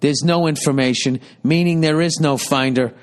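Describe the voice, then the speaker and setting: In a slightly high voice at normal speed, a man in his fifties tells a story on his podcast. It's a profane comic monologue, meandering and exasperated, with lots of swearing.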